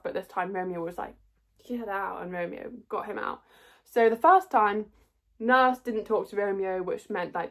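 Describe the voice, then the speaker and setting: A woman's voice: medium pitch, a bit bright. A young woman giving a casual, rambling spoken review, often correcting herself and trailing off. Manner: rambling, self-correcting, chatty. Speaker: theatre reviewer.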